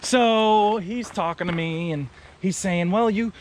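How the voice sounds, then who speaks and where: A man's voice: sits high, slow, a little hiss or hum. A man vlogging, telling a travel story in a casual, sarcastic way. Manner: sarcastic, animated retelling.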